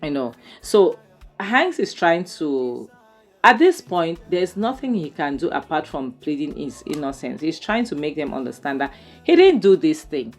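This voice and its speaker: A woman's voice: sits low, sing-song, faint music behind. A woman recapping a film episode in casual commentary. She sounds exasperated and fills her talk with "you know" and "um". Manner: exasperated, talks fast with many fillers and "you know". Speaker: movie reviewer.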